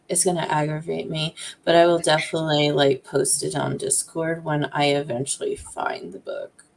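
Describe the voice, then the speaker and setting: A woman's voice: low-pitched, fairly even intonation, gravelly. A young woman chatting casually as a guest on a reading stream, hesitant and trailing off as she talks. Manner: slow, hesitant, trails off and restarts. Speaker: guest co-host. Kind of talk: casual livestream chat.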